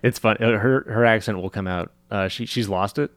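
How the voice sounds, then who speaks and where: A man chatting casually as a podcast guest about comedy writing, relaxed and halting with frequent restarts. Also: fairly low pitch, dry recording. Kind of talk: casual chat.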